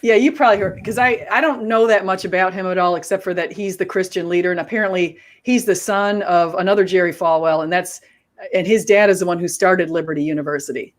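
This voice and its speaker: A woman's voice: lowish voice, fast. Chatty woman telling a story. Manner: animated storytelling, quoting others. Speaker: host. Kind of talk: casual chat.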